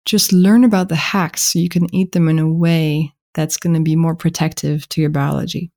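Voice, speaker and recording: A woman with a French accent, a guest author explaining her ideas in an earnest, gentle way during a podcast interview. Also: sits low, fairly even intonation, moderate pace.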